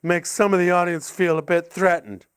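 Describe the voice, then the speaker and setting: A man's voice: high voice, fairly even intonation, moderate pace, slight background noise. Older man doing rambling stand-up. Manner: rambling, absurd, sweary, swings from mumbling to shouting rants. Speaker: stand-up comedian. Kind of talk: stand-up comedy set. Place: live comedy gig in an art gallery.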